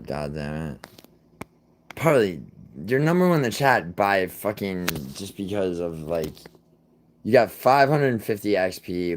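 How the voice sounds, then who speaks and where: Brief: low-voiced young male streamer, loose and profane, rambling reaction chat. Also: a little hiss or hum. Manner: profane, rambling, laughs often. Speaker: livestreamer. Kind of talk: casual live reaction chat.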